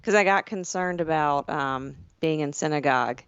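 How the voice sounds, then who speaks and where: A woman's voice: low-pitched, normal speed, clean tone, no echo, highs cut off. A woman from the southern United States co-hosting a podcast, chatting casually with dry, teasing quips. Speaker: podcast co-host. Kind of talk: casual chat.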